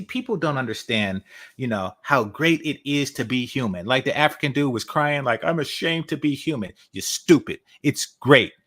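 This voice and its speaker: A man's voice: medium pitch, a bit bright. Blunt, mocking male commentator. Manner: blunt, mocking, emphatic repetition. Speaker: online commentator. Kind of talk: reaction commentary.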